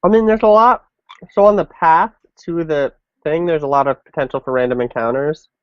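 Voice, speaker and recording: A young man chatting casually about a game, hesitant and halting with many pauses. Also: a little high, clear, resonant tone, no echo, highs cut off. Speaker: younger brother, gaming channel host. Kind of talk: casual chat.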